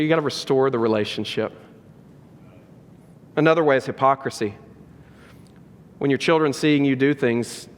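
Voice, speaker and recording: Earnest pastor preaching in a big hall. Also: male voice, mid-range voice. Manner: earnest and direct, repeats key lines for emphasis. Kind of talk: sermon. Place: church sanctuary. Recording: echoey hall with long reverb.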